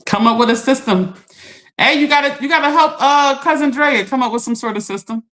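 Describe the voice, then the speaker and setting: A woman's voice: high-pitched, fairly quick, a bit bright. A middle-aged woman, chatting on a livestream and reading viewer comments, laughing and teasing. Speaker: livestream host.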